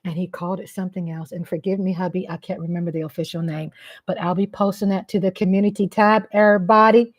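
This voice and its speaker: A woman's voice: lowish voice, fairly even intonation, fast, a little mellow. A woman hosting her channel's live stream, chatting casually and promoting memberships with frequent "um" fillers. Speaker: channel host.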